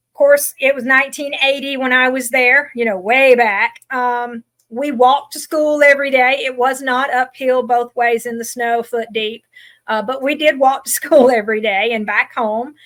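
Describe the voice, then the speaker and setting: A woman's voice: sits high, a bit bright. A woman in her forties from Georgia with a mild Southern accent, telling her life story as a guest in a chatty, self-deprecating way. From Georgia, USA. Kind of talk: casual podcast storytelling.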